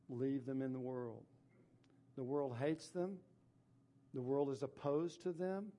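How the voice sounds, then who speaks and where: A man's voice: medium pitch, mellow. A man preaching a sermon, reading scripture verses aloud and explaining them, stressing points by repeating phrases. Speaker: pastor.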